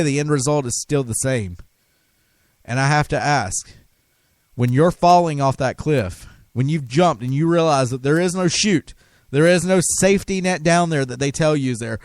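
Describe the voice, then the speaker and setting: A man's voice: on the high side, darkish tone, no echo. A man hosting a talk radio show, delivering an impassioned, emphatic monologue with frequent restarts. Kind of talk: conspiracy talk radio rant.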